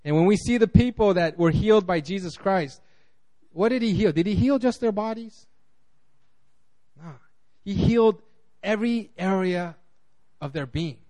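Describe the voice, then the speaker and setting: A man pastor giving a casual, conversational sermon, animated and acting out quotes, with frequent restarts. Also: high-pitched, moderate pace, pauses often.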